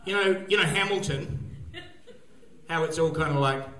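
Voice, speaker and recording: Rambling crude New comedian. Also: male voice, on the high side, moderate pace, pushed and bright. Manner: rambling, crude, self-mocking, laughing at own jokes. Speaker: stand-up comedian. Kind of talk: stand-up comedy set. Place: comedy gig venue, live audience. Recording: echoey live venue.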